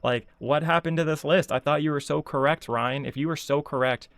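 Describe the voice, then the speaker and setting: A man's voice: on the high side, fairly quick, a bit bright, smooth, no room sound. A man ranting casually as a video commentator, sarcastic and exasperated, full of filler words. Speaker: YouTube commentator.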